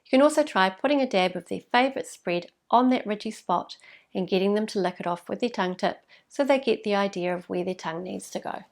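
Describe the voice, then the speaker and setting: A woman, a speech therapist explaining to parents how to teach a sound, patient and clear, modelling sounds slowly. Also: mid-range voice.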